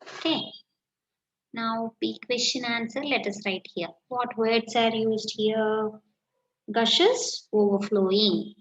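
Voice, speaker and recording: Woman teacher with an Indian English accent, high voice, slow dictation, dull lo-fi classroom recording. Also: fairly even intonation. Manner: slow, repeats phrases while writing answers. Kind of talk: classroom lesson, dictating answers. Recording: echoey room, dull lo-fi sound, faint noise.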